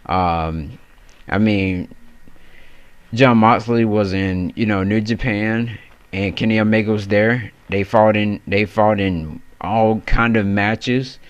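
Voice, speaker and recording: A man's voice: fairly low pitch, steady tone, takes it slowly, clear, resonant tone, dry recording. A man hosting a casual wrestling predictions chat, rambling loosely and correcting himself as he goes. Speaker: wrestling channel host.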